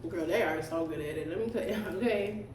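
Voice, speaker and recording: A woman's voice: lowish voice, a little fast, a little mellow, slight background noise. A woman vlogger chatting casually to camera during a food-eating video, talking loosely with slang while she eats. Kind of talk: casual mukbang chat. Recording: roomy, mic at a distance.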